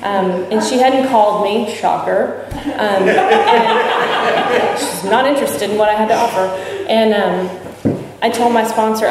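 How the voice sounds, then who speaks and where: Heavy background noise surrounds a woman's slightly high, slightly slow voice as she speaks at a recovery convention. She talks openly about her recovery experience to a large hall audience, joking and asking questions. The recording is made from far off in an echoey hall.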